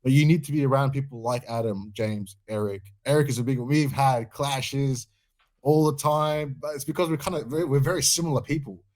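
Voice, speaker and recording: A man's voice: mid-range voice, fairly quick, a little mellow. A young man co-hosting a podcast, talking frankly and swearing casually. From Australia. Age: young adult. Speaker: podcast co-host.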